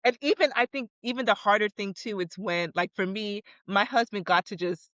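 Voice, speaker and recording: A woman's voice: medium pitch, moderate pace, dry recording. Chatty young mother, slightly muffled mic. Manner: animated, laughs often, acts out her own thoughts. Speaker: motorsports photographer, guest. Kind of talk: casual conversational interview. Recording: slightly dull, lo-fi sound.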